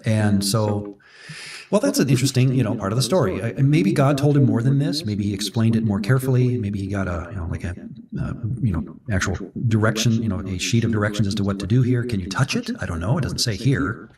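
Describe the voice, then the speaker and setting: A man's voice: lowish voice, brisk, darkish tone. Rambling man discussing scripture, far from mic. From Minnesota. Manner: rambling, chatty storyteller with self-corrections. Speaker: Bible study co-host. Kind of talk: conversational Bible discussion.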